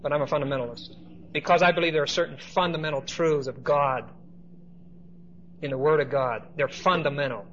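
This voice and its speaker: A man's voice: fairly high pitch, moderate pace, a bit bright, muffled recording, slight background noise. A man preaching a sermon as pastor, telling stories in a conversational way with asides to the congregation.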